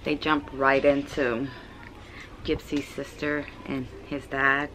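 A woman's voice: rumbling low, flat delivery, slow, a bit bright, slight background noise, poor audio. Chatty, gushing woman book vlogger. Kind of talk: casual book chat. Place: home, indoors.

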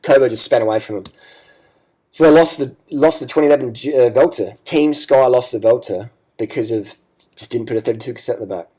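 A man's voice: mid-range voice, quick pace, a little mellow, husky. A man ranting bluntly in a casual cycling vlog, swearing and repeating himself. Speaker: cycling vlogger. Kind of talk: ranting video commentary.

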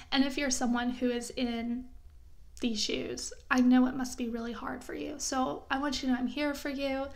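A young woman vlogger speaking heartfelt and reassuring words straight to her viewers, getting emotional at times. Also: sits high. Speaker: lifestyle vlogger. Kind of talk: heartfelt talk to camera.

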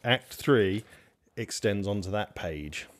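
A man co-hosts a comedy podcast in a playful, chatty way. His pitch swings widely as he talks. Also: slow pace. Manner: animated, playful. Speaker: podcast co-host and writer. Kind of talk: casual comedy chat and table reading.

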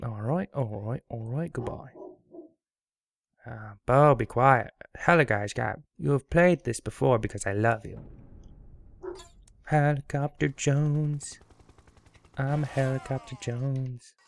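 Young man, gravelly, slow-talking, goofy rambling game commentary. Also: mid-range voice, lively intonation, no room sound. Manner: goofy, rambling, sings snatches of song. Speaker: let's play commentator. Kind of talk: casual gameplay commentary.

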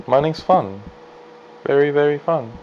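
A male gamer talks over his own play session, unhurried, mocking himself and chatting along as he goes. His voice is very animated, swinging from low mutters up into excited high yelps. Faint noise sits behind him. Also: muffled recording. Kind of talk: casual gameplay commentary.

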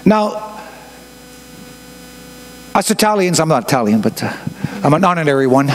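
A man's voice: on the high side, big pitch swings, moderate pace, pauses often. A man in his fifties preaching a sermon as pastor of a church, often asking the congregation questions and adding joking asides. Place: church sanctuary.

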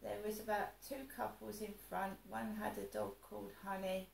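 A woman with a gravelly, creaky voice rambles through a personal story. She sounds upset and vents as she goes, often restarting her sentences. The room echoes around her, with a faint ambient hum behind. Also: mid-range voice, little pitch movement, normal speed. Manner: upset, venting, meandering with restarts. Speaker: vlogger.

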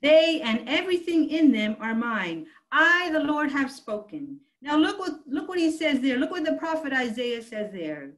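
A woman's voice: high-pitched, sing-song, moderate pace, hardly any pauses, a bit bright, low-quality recording. A woman pastor preaching a sermon, emphatic and calling out to her congregation. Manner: emphatic preaching, calls out to the church.

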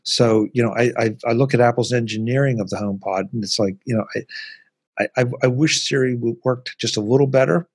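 A man's voice: mid-range voice, fairly quick, husky, no echo, clean studio sound. A man hosting a podcast, chatting casually about tech and often repeating words as he starts a thought. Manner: conversational, repeats words when starting sentences. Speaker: podcast host.

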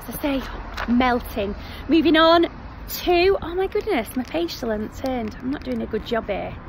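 A woman's voice: high voice, expressive, moderate pace, creaky. A woman with a Northern English accent, chatting casually as she recommends shows in a vlog, with self-deprecating asides. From North West England. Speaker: theatre vlogger. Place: outdoors by a road. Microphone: phone at arm's length. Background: traffic.

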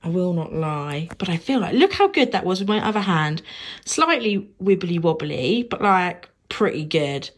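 A woman's voice: fairly low pitch, big pitch swings, moderate pace. A young woman, chatting casually to camera in a vlog, rambling with lots of fillers and little giggles. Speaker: vlogger.

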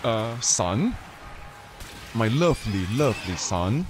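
A man playing a loving father talking gently to his son, earnest and coaxing, over a noisy gaming voice chat. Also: a little high, normal speed, music in the background, pitched below the performer's own voice, close to an everyday voice. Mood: tender. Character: doting fatherly dad addressing his son.

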